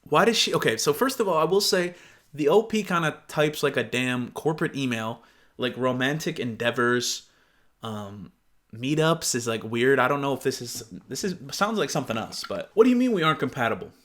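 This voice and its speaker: A man's voice: medium pitch, expressive, normal speed, a bit bright. A young man giving casual reaction commentary, blunt, profane and openly incredulous. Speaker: online commentator.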